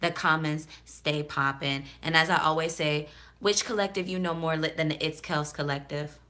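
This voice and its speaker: A woman hosting a casual vlog, chatting candidly and off the cuff. Her voice is bright and sharp, while her pitch sits on the low side. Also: fairly even intonation, moderate pace. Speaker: host.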